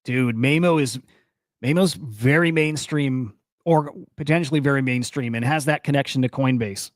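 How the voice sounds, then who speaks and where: This is casual crypto and NFT news commentary from a young male streamer who rambles, swears and gets increasingly fired up. He speaks at normal speed with a medium pitch, and the studio-quality audio has no echo.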